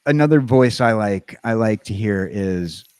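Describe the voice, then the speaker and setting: A man's voice: on the low side, lively intonation, unhurried, darkish tone, clean tone, no echo, studio quality. An American man hosting a casual livestream chat. He rambles and halts, with lots of fillers and restarts. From United States. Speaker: livestream host.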